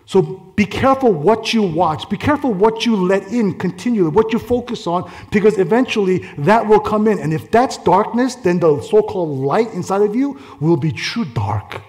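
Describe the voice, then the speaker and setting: A male pastor preaching a conversational sermon, telling stories in an animated way and laughing through them. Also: high-pitched, normal speed, hardly any pauses. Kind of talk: storytelling sermon.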